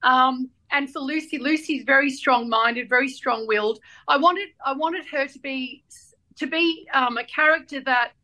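Bright-voiced, animated Australian woman. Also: sits high, normal speed, low-quality recording. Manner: animated storyteller, acts out voices in anecdotes. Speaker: guest author. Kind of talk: casual chat.

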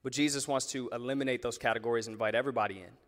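A male pastor with a medium-pitched voice preaches to a church audience at a rapid-fire pace, keeping it lively and conversational and leaning on rhetorical questions. The recording carries the long reverb of a large hall.

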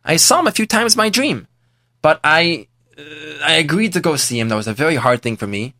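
A man's voice: fairly high pitch, expressive, fairly quick, pushed and bright, no room sound, studio quality. A man voicing a repentant rich old man. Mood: confessional. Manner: earnest, confessional first-person telling. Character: repentant rich man, former priest, older.

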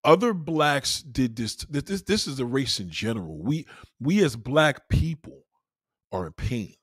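A man's voice: medium pitch, sing-song, unhurried, breathy edge, no echo, clean studio sound. A man doing a profane stand-up comedy routine on a club stage, acting out the voices he quotes.

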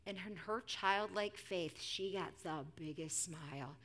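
A woman in her thirties preaching a sermon, dramatic, dropping to a hushed near-whisper for emphasis. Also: lowish voice, unhurried, hardly any pauses, slight background noise.

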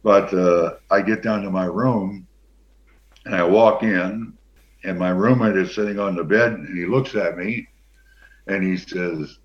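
An older man, a former pro football player, telling a long anecdote as an interview guest in a relaxed, rambling way with many fillers. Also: deep voice, a little slow. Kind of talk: anecdotal storytelling. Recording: dull lo-fi sound.

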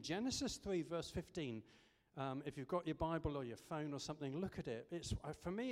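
A man preaching a sermon in a conversational way, with frequent ums and restarts. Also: a little high. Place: church service. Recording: echoey church hall.

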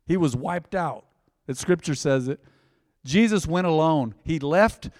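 A man's voice: a little high, expressive, a little slow, darkish tone, no echo, studio quality, big-room sound. A man preaching a sermon as a pastor, folksy and conversational, often acting out little back-and-forth dialogues.

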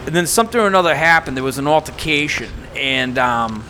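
A man tells a wild story in casual chat, cursing at every turn. His voice is fairly high and very bright and forceful. A faint hiss of noise runs behind him. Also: quick pace. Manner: animated, heavy swearing.

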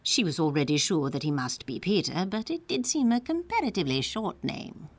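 A woman narrating a children's story in a playful, expressive reading. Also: lowish voice, brisk, no echo.

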